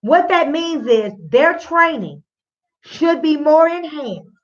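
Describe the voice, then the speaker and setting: Woman host, fairly high voice, chatty direct-address commentary, slightly muffled recording. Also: lively intonation, slow. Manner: conversational, addresses listeners directly as y'all. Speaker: radio show host. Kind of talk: casual spoken commentary. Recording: slightly dull lo-fi sound.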